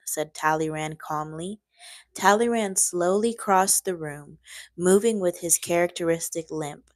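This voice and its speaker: A woman's voice: lowish voice, unhurried, dry recording. A young woman reading a book aloud on a live stream, breaking off now and then to chat with viewers.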